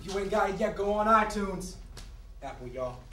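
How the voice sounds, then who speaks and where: A man's voice: sits high, expressive, moderate pace, fairly bright tone, slight background noise. A man playing a laid-back, boastful hip hop star with slangy swagger, recorded on an echoey stage from a distance.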